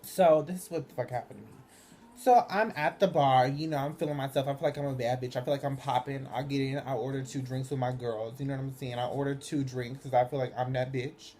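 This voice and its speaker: Young woman vlogger, low mellow voice, chatty and profane, filler-heavy, animated storytelling. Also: brisk, slight background noise. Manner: animated, swings high and loud when excited. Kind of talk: casual storytelling to camera.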